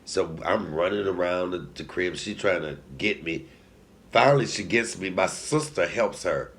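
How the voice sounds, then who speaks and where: A sassy, animated storyteller, a man in his forties with a somewhat low voice. He swings between quiet, muttered asides and loud, punchy bursts, laughing at his own lines and talking straight to his viewers like a comedian. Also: normal speed. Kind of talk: personal storytelling to camera.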